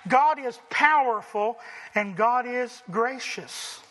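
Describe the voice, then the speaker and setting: A man preaching a sermon, lively, acting out the quoted complaints in voices. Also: extremely high pitch, slow, big-room sound. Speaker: pastor.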